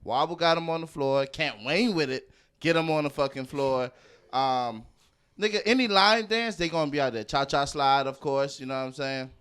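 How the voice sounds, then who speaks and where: A man's voice: a little high, moderate pace, fairly bright tone, clean tone. A man co-hosting a podcast, talking in a laid-back, emphatic way full of slang. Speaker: podcast host. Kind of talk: casual chat.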